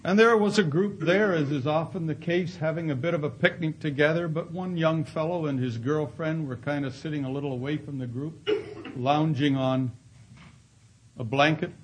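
Earnest male preacher, high husky voice, storytelling sermon. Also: normal speed, rough recording. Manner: earnest, acts out voices in quoted dialogue. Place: Canada.

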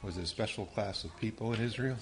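A man's voice: lowish voice, fast, a little hiss or hum. A man teaching a Bible lesson to young listeners, quizzing them patiently and calling on them by name.

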